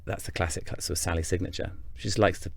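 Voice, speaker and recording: A man's voice: sits low, steady tone, quick pace, vocal fry, dry recording. A man from North Yorkshire, an actor, talking through his thoughts in a casual interview, often restarting his sentences. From England, North Yorkshire. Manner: thoughtful, rambling with frequent restarts.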